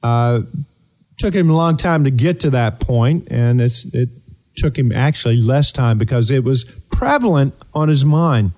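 A man hosting a motivational talk show, coaching listeners earnestly with rhetorical questions and deliberate pauses. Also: medium pitch, expressive, a little mellow. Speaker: host and performance coach.

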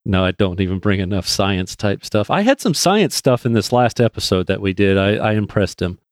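A man's voice: fairly low pitch, lively intonation, normal speed, no room sound, studio quality. A man co-hosting a podcast, joking and self-deprecating in casual banter. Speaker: podcast co-host.

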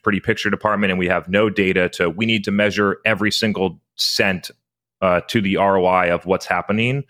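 Very deep-voiced man explaining marketing. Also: a bit bright. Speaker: podcast host, marketing agency founder. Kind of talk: casual podcast conversation.

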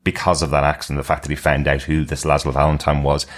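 Very deep-voiced man musing on a podcast. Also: monotone, fast. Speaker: podcast co-host. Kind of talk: casual podcast chat.

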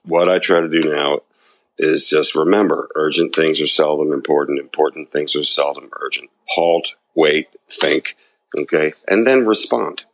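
Deep gravelly man on a podcast. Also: normal speed, no echo. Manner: reflective, self-deprecating, reads quotes aloud. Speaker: podcast co-host. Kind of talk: casual recovery podcast chat.

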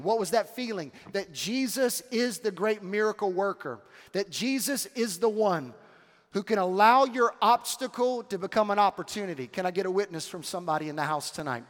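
A man's voice: sits high, moderate pace. A man preaching an emphatic sermon and calling out to the crowd for amens. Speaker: camp preacher. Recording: long hall reverb.

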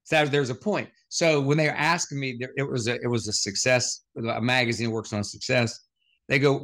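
A man's voice: mid-range voice, fast talker, fairly bright tone. A man speaking as a motivational speaker, telling stories as a podcast guest and firing off short rhetorical questions. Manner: punchy rhetorical questions, anecdotal.

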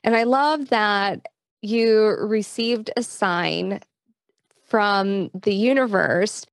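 A woman's voice: medium pitch, drawn-out words, dry recording. Affirming woman podcast host, dry sound. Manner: affirming, enthusiastic responses. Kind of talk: conversational interview.

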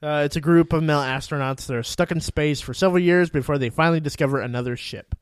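A man co-hosting a casual movie news chat, telling stories in a profane, animated way. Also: a little high, quick pace, smooth, dry recording, studio quality. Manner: profane, animated storytelling with loud acted quotes. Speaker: podcast co-host.

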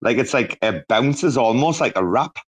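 A man chatting as a guest on a podcast, rambling with lots of restarts and growing excitement. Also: mid-range voice, normal speed, husky. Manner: rambling and enthusiastic, many restarts. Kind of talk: casual podcast chat.

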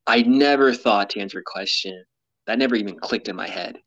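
A man's voice: fairly low pitch, brisk, a bit bright, dry recording, lo-fi sound. Earnest, rambling man guest. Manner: earnest, rambling, laughs often. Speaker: guest, mountaineer and explorer. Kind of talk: candid interview talk. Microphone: podcast mic, camera off.

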